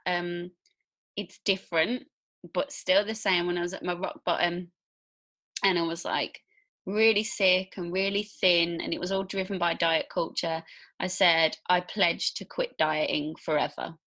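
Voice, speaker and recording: Woman, Birmingham accent, lowish pitch, bright tone, chatty host, laughs easily. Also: fairly even intonation, measured pace. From English Midlands, near Birmingham. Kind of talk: casual interview chat.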